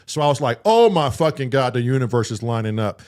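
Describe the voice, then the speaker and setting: Fast-talking and mid-range in pitch, a man co-hosting a podcast runs through a long story in casual chat. Swearing liberally, he acts out his reactions and quotes himself in an animated, profane way.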